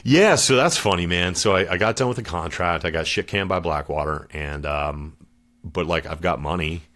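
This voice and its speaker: A man's voice: sits low, moderate pace, fairly bright tone. A middle-aged man, a former Marine guest on a podcast, telling his story in a casual, slangy way and calling the host dude and brother.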